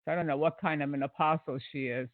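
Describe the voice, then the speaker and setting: A man's voice: on the high side, fairly even intonation, fast, no echo. A man hosting an online show, giving critical commentary in an indignant, sarcastic way with many fillers. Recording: dry, tinny phone-like sound.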